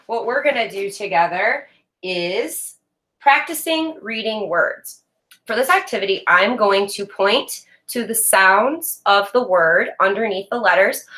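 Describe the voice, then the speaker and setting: A woman teaching a reading lesson to young students in a recorded video, speaking slowly and clearly and praising them often. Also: medium pitch, sharp tone. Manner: slow, clear, encouraging teacher talk with drawn-out words. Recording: echoey room.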